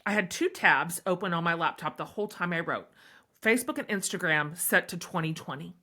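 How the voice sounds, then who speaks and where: A woman's voice: on the low side, fairly quick, sharp tone. A middle-aged woman talking as an author in a candid podcast interview, earnest and emphatic as she tells her story.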